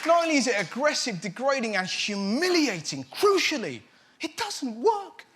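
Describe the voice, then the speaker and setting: A man's voice: very high-pitched, big pitch swings, normal speed. A man doing a stand-up monologue as host, mocking and slipping into silly voices. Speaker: comedian host. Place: studio with live audience. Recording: loud crowd and noise. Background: audience laughter.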